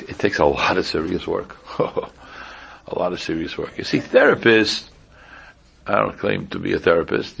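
A rabbi delivers a relaxed Torah class in a deep voice with a gravelly, fried edge. His tone is husky rather than clear. He talks casually and keeps circling back to sharp rhetorical questions. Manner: conversational, repeats pointed rhetorical questions. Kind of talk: informal Torah lecture.

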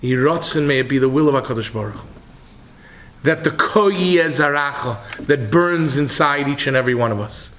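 A man giving a sermon, telling a story with dramatic swings from hushed tones to shouting. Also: medium pitch, normal speed, slight background noise.

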